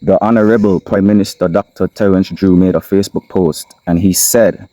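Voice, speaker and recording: A low, mellow-toned man with a Kittitian accent speaks straight into his camera, in a dry, close recording. He talks as the host of his own channel, pressing his points with repetition and slow, weighty stress. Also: steady tone, no echo, rough recording. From Saint Kitts. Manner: emphatic, repeats lines, slows for stress. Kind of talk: impassioned solo commentary. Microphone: camera mic.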